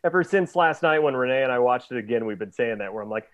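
A man's voice: mid-range voice, fast talker, no echo, lo-fi sound. A man hosting a casual podcast chat, retelling movie scenes with frequent laughter and plenty of swearing. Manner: laughs often, swears freely, animated retelling. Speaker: podcast host.

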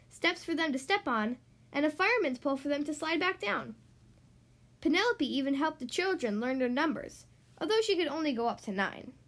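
A woman reads a children's storybook aloud, her high voice swooping through a lively, sing-song melody. She tells the tale with playful, animated emphasis.

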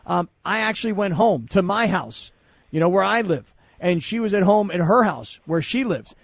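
A man's voice: high voice, animated, moderate pace, vocal fry, slightly rough, no room sound. A middle-aged man hosting a radio show, dry and wry, with self-deprecating humor. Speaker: radio host. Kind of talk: casual sports radio banter.

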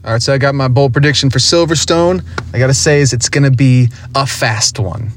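A man leaving an excitable, hyped-up voice message for a podcast. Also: medium pitch, fairly quick, a little hiss or hum. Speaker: listener submitting a voice message.

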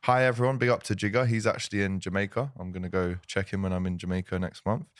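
A man's voice: low-pitched, fast, no echo, studio quality. A man hosting a casual football chat, telling stories and putting on other people's voices as he goes. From Liverpool. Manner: animated, does voices when retelling stories. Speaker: host.

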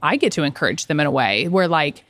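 Woman group leader, slightly low voice, upbeat and affirming, dry close sound. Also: expressive, fast talker, a bit bright, no room sound. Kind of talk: facilitating a group discussion.

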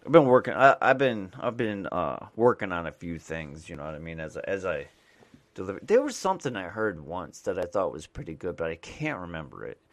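A man's voice: sits low, big pitch swings, brisk. A man from the United States, a mailman and podcast host, rambling casually with lots of fillers and restarts.

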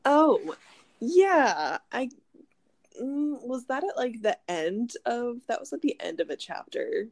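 A woman with a fairly high, gravelly voice that swings around lively as she chats about a book and drops in dry, teasing asides. The recording is dry and close. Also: slow, no echo. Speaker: book club podcast co-host. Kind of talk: casual chat about a novel.

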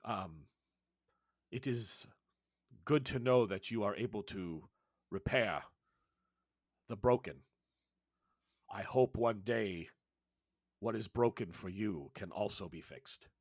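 A man voicing an old, stubborn, learned village shaman who speaks in broken English, slow and grave. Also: lowish voice, a little mellow, no room sound, studio quality.

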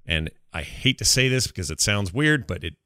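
A man co-hosting a casual gaming podcast, animated and self-deprecating, joking as he talks. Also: lowish voice, normal speed, no echo, clean studio sound. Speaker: podcast co-host.

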